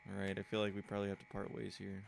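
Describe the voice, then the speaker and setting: A man's voice: lowish voice, completely flat delivery, racing, creaky, soft background music. A man giving casual, jokey commentary while playing a game, talking back to it and reading out codes. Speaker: let's play gamer. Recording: loud background noise with clicks.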